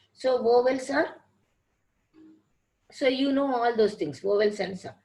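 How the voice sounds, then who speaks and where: A woman teacher giving a lecture on word stress and syllables, explaining slowly and repeating her points. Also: medium pitch, a little mellow, poor audio. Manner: slow, repetitive explaining. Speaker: English teacher.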